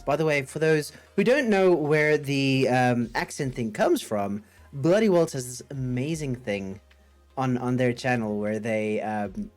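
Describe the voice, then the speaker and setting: A man hosting a casual coding livestream, thinking aloud and chatting with viewers in a rambling, upbeat way. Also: mid-range voice. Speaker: livestream host.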